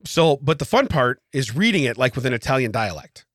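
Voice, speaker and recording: A man co-hosting a casual podcast chat, telling a story in an animated way with frequent laughs, recorded in a podcast studio. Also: mid-range voice, brisk, dry recording. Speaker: podcast co-host.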